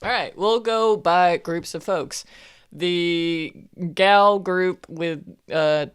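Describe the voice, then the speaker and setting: A woman co-hosting a podcast in casual chat, dry and low-key, answering in short, matter-of-fact remarks. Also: extremely slow, clean tone.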